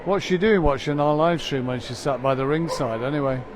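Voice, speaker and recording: A man's voice: on the high side, brisk, noisy background. A man presenting a live dog show stream, chatting with his co-commentator and reading out greetings from viewers.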